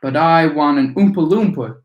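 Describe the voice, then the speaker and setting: A man's voice: fairly high pitch, moderate pace, lo-fi sound, pitched above the performer's own voice, close to an everyday voice. Veruca: a man doing a whiny spoiled girl. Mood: whining. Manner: whining, insistent. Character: spoiled demanding little girl. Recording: echoey room.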